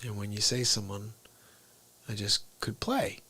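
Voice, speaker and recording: A man's voice: fairly low pitch, sharp tone, slightly rough. A man hosting a live comedy stream, chatting casually and rambling between impressions, often trailing off into mumbles. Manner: rambling, quick asides, drops to mumbles. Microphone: streaming microphone.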